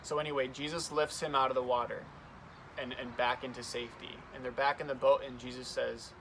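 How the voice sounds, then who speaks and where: A man's voice: mid-range voice, level tone, fairly quick, creaky, a bit bright, slight background noise. Earnest young man giving a youth devotional. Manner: earnest, conversational storytelling. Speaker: youth pastor.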